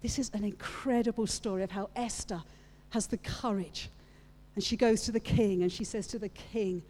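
A woman's voice: medium pitch, steady tone, moderate pace, darkish tone. A woman preaching a sermon, retelling a story with playful asides to her congregation. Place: church hall with audience. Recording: long reverb of a large hall.

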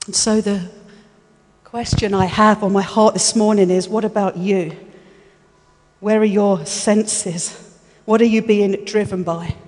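A woman preaching a sermon, telling the story in an animated way, with repeated words and frequent laughter. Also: medium pitch, a little slow, pauses often. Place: church hall. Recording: echoey church hall.

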